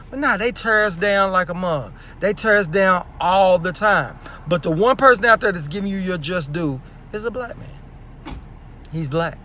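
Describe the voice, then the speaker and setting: A man's voice: high voice, normal speed, pushed and bright, slight background noise. A man with speech giving a blunt, profane boxing opinion rant that is full of repeated rhetorical questions. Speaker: sports commentary vlogger.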